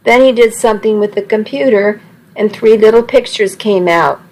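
A woman's voice: mid-range voice, normal speed, a little mellow, poor audio. A woman reading a first-person story aloud, with small slips and restarts as she goes. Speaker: narrator.

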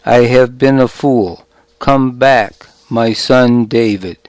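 A narrator puts on a troubled aging king in a storybook, calling out with remorse. The pace is slow and the recording is dry and close. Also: medium pitch, a little mellow, dry recording, lightly acted. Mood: remorseful. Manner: crying out, remorseful.

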